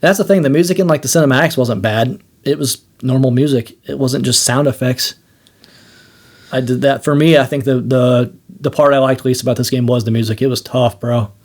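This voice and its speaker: A man's voice: medium pitch, fairly quick, darkish tone. A young man co-hosting a gaming podcast, chatting casually, swearing and joking around. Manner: swears, jokes, acts out silly voices. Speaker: podcast co-host. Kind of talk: casual chat.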